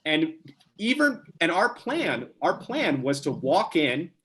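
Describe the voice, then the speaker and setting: A young man from New Jersey, a podcast guest telling a casual story with lively, quick restarts. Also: a little high. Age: young adult.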